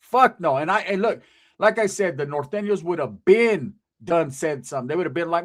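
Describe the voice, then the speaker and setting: A man with a fairly high voice talks straight to his audience. He is blunt and emphatic, swears often and uses a lot of street slang. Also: expressive, moderate pace. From Southern California. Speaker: channel host. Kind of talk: casual monologue to camera.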